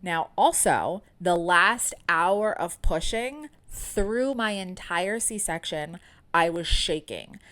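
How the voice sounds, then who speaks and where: A woman's voice: fairly low pitch, expressive, takes it slowly, a bit bright. A woman in her thirties, a podcast host telling a candid personal story in a chatty way, full of fillers.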